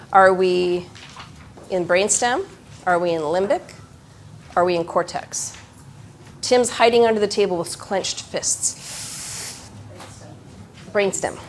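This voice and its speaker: A middle-aged woman giving a live workshop presentation to educators, talking in an animated way. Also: medium pitch, a little hiss or hum. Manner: animated, acts out children's voices.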